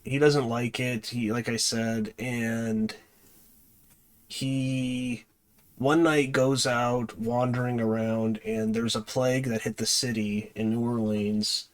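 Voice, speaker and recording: A man reviewing a movie, casually retelling its plot with many fillers, pauses and restarts. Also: mid-range voice, little pitch movement. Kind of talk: casual spoken plot recap.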